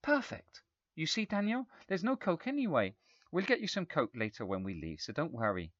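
A woman's voice: deep voice, sing-song, normal speed, no echo, highs cut off, voice pushed up. A man reading aloud, voicing an indulgent mother who soothes and makes excuses for her spoilt son. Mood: doting.

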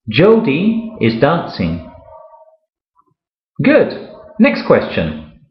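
Slow, patient male English teacher. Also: mid-range voice, echoey room, dull audio. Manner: slow and patient, repeats each sentence, lively rising praise. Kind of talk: slow, repeated English lesson with Spanish explanations.

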